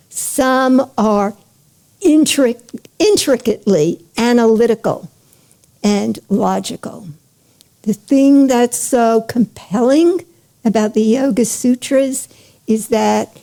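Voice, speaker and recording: A woman spiritual teacher telling a parable in a slow, deliberate lecture, drawing out words and checking in with her listeners. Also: on the high side, mellow. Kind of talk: storytelling lecture.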